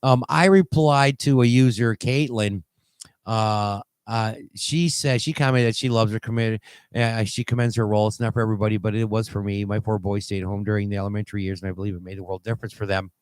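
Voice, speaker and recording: A man hosting a call-in talk show, rambling and halting with many fillers and restarts as he reads posts aloud. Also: medium pitch, no echo. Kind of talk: casual call-in show commentary.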